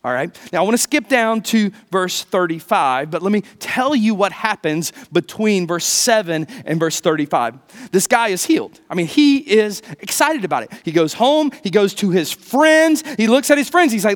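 A middle-aged man preaching a sermon in a conversational, animated way, with jokey asides to the congregation. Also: very high voice, normal speed. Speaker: pastor.

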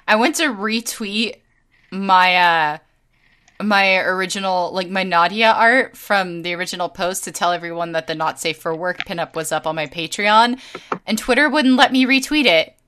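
Bright-voiced woman ranting casually. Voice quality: filler-heavy, halting restarts. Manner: swears freely, low-energy but ranting. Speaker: podcast co-host. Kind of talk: casual chat.

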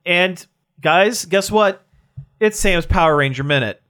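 High-voiced upbeat man chatting. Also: a little slow, fairly bright tone. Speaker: podcast co-host. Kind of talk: casual chat.

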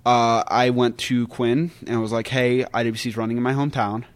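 A man as a podcast guest, telling stories in a casual, animated way and acting out other people's lines. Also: medium pitch, fairly quick. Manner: animated storyteller who acts out quotes. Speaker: guest wrestler.

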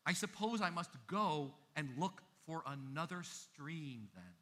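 A man's voice: on the high side, animated, measured pace, bright, forceful tone, heavily acted. A man voicing a frightened little girl in a read-aloud story, hesitant and pleading. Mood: timid.

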